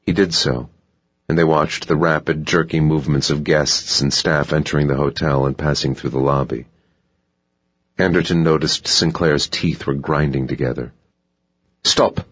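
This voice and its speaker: A man narrating a thriller audiobook in a steady, even way. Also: a bass voice, normal speed, dry recording, dull audio. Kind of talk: scripted narration.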